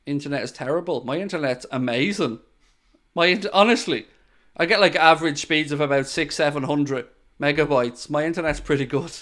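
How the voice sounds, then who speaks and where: Excitable male football watchalong streamer. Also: a little high, fairly quick. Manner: excitable, bursts into loud groans at near misses, chatty asides to viewers. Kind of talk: live match commentary with chat.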